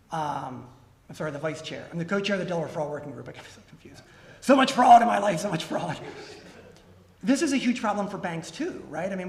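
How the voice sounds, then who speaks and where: Animated high-voiced man, echoey room. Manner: animated storyteller, acts out callers' lines. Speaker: guest speaker from a consumer nonprofit. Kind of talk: Q&A after a club presentation.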